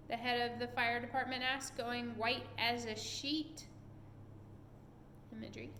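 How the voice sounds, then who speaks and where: A woman reading a children's book aloud at home, expressive and animated. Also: fairly high pitch, measured pace, pauses often, reverberant, a little hiss or hum.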